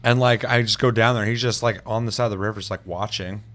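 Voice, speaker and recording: A man's voice: lowish voice, fairly even intonation, quick pace, a bit bright. A man on a gaming podcast telling a rambling, swear-filled story in casual chat. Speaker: podcast co-host.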